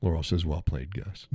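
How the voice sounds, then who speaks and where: A man's voice: low-pitched, mellow, slightly rough, dry recording. A man hosting a casual live stream, reading chat messages aloud, swearing often and laughing between lines.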